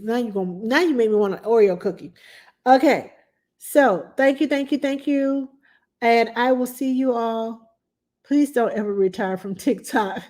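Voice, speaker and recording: A woman's voice: fairly high pitch, a little mellow. A middle-aged woman, a nanny chatting casually to her live-stream viewers, rambling with many fillers.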